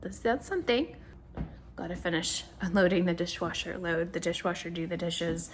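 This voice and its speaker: Chatty woman with a lowish voice. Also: brisk, a little hiss or hum. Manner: chatty, rambling with restarts; talks to her dog. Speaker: vlogger. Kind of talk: casual video diary.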